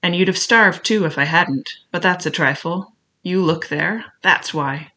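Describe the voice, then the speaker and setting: Brief: a scheming pirate cook with rough sea talk, bright and sharp-edged, read by a man. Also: high-pitched, unhurried, exaggerated voice. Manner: wheedling then bullying, rough sailor talk. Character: cunning one-legged male pirate cook, scheming. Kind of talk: audiobook character voice.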